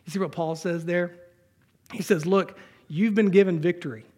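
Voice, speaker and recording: A man with a high-pitched voice is preaching in a church. He reads scripture passages aloud and breaks into relaxed, joking asides to the congregation. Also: moderate pace, slightly rough. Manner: conversational preaching with humor, reading scripture aloud. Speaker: pastor. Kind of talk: sermon.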